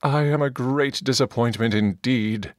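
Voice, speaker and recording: A man's voice: mid-range voice, a little slow, no room sound, clean studio sound, pitched above the performer's own voice, lightly acted. A man voicing a dim-witted, timid young male warrior in an audiobook, eager to please. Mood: anxious.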